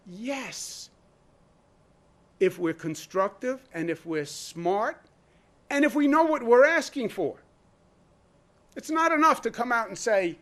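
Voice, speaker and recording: A man's voice: very high-pitched, lively intonation, slow, pauses often, fairly bright tone. A man speaking as governor at a press conference, emphatic and full of rhetorical questions. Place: indoor briefing room.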